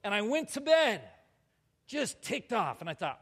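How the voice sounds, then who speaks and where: A man with a notably high voice tells a personal story from the pulpit. He is animated and pokes fun at himself as he acts out his own words. The sound rings out with the long reverb of a big hall. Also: unhurried, breathy edge. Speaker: preacher giving a testimony. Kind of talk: storytelling sermon. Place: large hall before a live audience.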